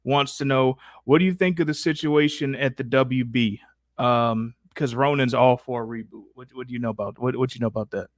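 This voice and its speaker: A man's voice: mid-range voice, steady tone, brisk, no echo. Man hosting a live stream, casual, joking, dry close mic, mid-range voice. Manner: laid-back, joking, reads out chat. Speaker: host.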